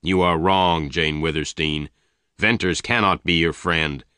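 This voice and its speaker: Guy voicing a jealous angry leader, deep, slow, dry sounding. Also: fairly even intonation, pushed and bright, clean tone, no echo. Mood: stern.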